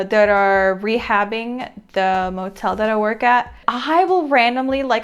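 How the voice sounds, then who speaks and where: Young southern us woman vlogging, kinda high voice, says like a lot, laughs a bunch. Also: clear, resonant tone. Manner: chatty, laughs often, lots of "like". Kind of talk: casual storytelling to camera.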